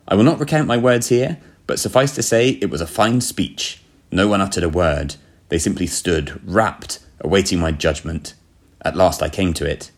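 A man's voice: sits low, normal speed. A man reading a story as a first-person diary, with a pompous, self-satisfied manner. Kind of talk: scripted first-person narration.

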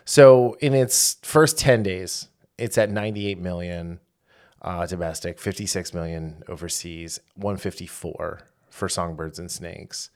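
A man co-hosting a casual podcast, reading out box-office figures with many fillers and quick self-corrections. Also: low voice, darkish tone. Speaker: podcast co-host.

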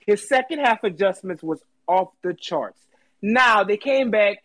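A man's voice: sits high, animated, unhurried, a bit bright, no room sound. A man calling in to a fan chat, chatty and laughing between lines. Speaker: caller. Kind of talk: casual sports chat.

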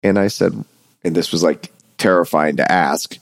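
Podcast co-host, male, low voice, dry close sound; animated storyteller who acts out the people he quotes. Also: normal speed, gravelly, dry recording. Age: adult parent. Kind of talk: casual conversation.

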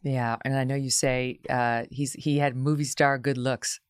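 A woman's voice: very deep voice, flat delivery, unhurried, smooth, no echo, studio quality. A woman hosting an interview, asking articulate, leading questions in a conversational way. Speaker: interview host.

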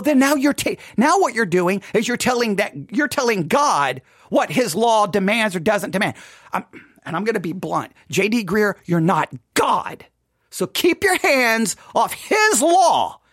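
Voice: medium pitch, a bit bright, no echo, clean studio sound. A commentator reacting to a sermon clip with emotional, exasperated ranting and sarcastic mimicry.

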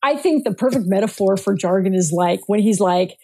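Lively, laughing woman podcast guest. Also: medium pitch, brisk. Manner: animated, laughs often, playful wordplay. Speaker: guest, marketing speaker and author. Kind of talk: casual podcast interview.

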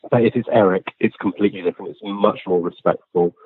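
With a breathy edge to his low-pitched voice, a physical medium talks fast but keeps a steady tone as an interview guest sharing casual stories. He speaks sincerely and plainly, with many ums and restarts, and the phone audio is tinny and dry with no echo.

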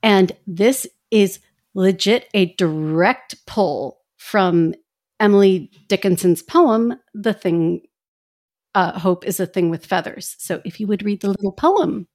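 A woman's voice: mid-range voice, slow pace, darkish tone. Woman podcast host just chatting, lots of "you know"s, laughs easy. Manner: chatty, laughs often, many fillers. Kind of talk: casual podcast chat.

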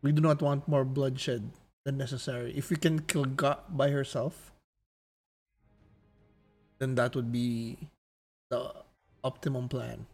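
A man playing a tabletop game, halting and restarting as he lays out plans. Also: medium pitch, fairly even intonation, darkish tone, husky, faint music behind. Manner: halting, restarting, eager planner. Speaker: player. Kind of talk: tabletop role-play, in and out of character.

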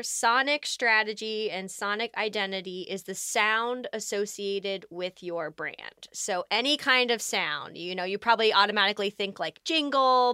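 A woman's voice: mid-range voice, pushed and bright, smooth, dry recording, clean studio sound. A woman co-hosting a podcast, chatting casually with many fillers and easy laughs. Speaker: podcast co-host.

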